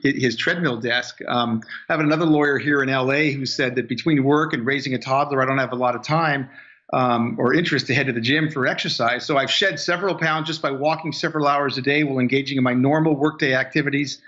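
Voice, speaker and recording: A man guesting on a podcast, rambling and salesy as he reads testimonials and talks up his product. His voice sits at a middle pitch for a man. The sound is dull and lo-fi, like a remote line. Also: fairly even intonation, quick pace, bright, forceful tone. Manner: rambling, many fillers and restarts, salesy. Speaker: guest, inventor and business owner. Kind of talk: casual interview talk.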